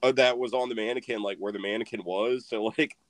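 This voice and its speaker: Young guy chatting casually, swears a lot, rambles, mid-pitch voice, super dry close mic. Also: fairly even intonation, quick pace, no echo. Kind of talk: casual chat.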